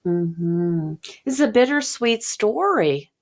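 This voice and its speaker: Slow, gentle woman interviewer. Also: medium pitch, big pitch swings. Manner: gentle, encouraging backchannels.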